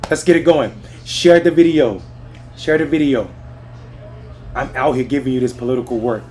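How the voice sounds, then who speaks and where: In a mid-range, darkish voice with slight background noise, a man hosts a political livestream from a TV-filled lounge in Washington. Heated and profane, he rants live and talks directly to his chat while music and televisions play in the background.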